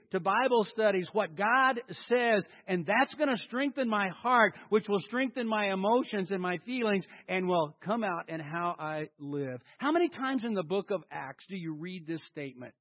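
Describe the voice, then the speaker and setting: Animated, high-voiced male preacher. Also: moderate pace, lo-fi sound. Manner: animated preaching, acting out inner dialogue. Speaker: pastor. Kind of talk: sermon.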